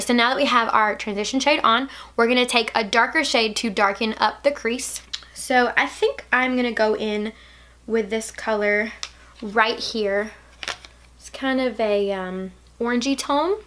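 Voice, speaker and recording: A young woman from Alabama with a Southern accent, chatting casually through a makeup tutorial, playful and drifting into soft asides. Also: on the high side, unhurried. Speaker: beauty vlogger.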